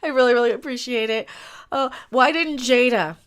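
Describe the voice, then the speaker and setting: Woman host, ranting livestream talk, blunt and fairly high, bright tone. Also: clear, resonant tone. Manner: ranting, blunt, quick asides. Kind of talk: casual opinion livestream.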